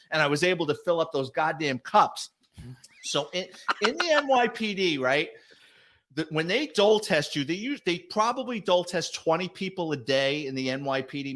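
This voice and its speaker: A middle-aged man, a retired police detective, telling stories as a guest with lots of swearing and acted-out quotes. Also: on the high side. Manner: animated, profane, acts out quoted voices. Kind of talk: casual storytelling.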